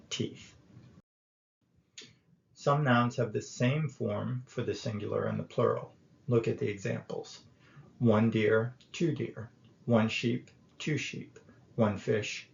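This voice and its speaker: A man teaching English grammar, explaining each point slowly and deliberately, with frequent pauses and fillers. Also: medium pitch, creaky, echoey room. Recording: dull lo-fi recording.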